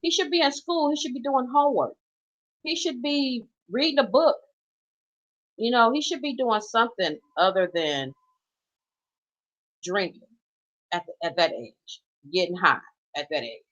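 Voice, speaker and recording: A woman's voice: a little high, measured pace, long pauses, a bit bright. A middle-aged woman, a mother and grandmother, ranting emphatically and unscripted, swearing freely as she talks. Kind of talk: unscripted personal rant. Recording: slightly dull, lo-fi sound.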